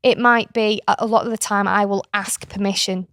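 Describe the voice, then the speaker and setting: A middle-aged British woman, an author and kinship carer, guests on a casual podcast and explains a parenting approach in a frank, chatty way, slipping into playful voices now and then. Her mid-range voice is fairly bright and fairly even in intonation, and she talks a little fast. The recording is clean studio sound with no echo.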